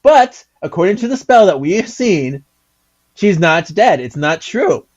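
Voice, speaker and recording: A man co-hosting a podcast in casual chat, giggly and animated, reading comic pages aloud. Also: high-pitched, measured pace, muffled recording. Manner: giggly, animated, acts out lines in silly voices. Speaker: podcast co-host.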